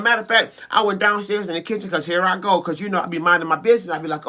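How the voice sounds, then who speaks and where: A male preacher giving a fervent morning devotional sermon, repeating calls to listen and rising into excited shouts. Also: high voice, quick pace, hardly any pauses.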